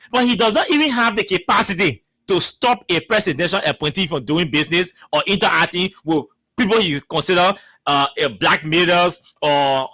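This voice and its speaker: A man's voice: high voice, pushed and bright, no room sound. A man hosting a radio talk show, arguing and mocking as he repeats his words. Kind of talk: radio commentary.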